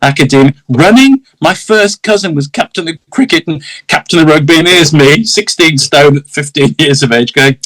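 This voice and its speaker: A man's voice: a little high, expressive, normal speed, few pauses, a bit bright, poor audio. A middle-aged man with an English accent, a guest telling anecdotes in a casual interview, laughing often and acting out the voices in his stories.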